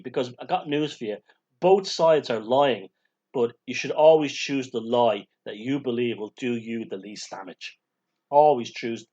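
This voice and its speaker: Sardonic rambling man. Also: medium pitch. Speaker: vlogger. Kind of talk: casual monologue to camera. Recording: dull lo-fi sound.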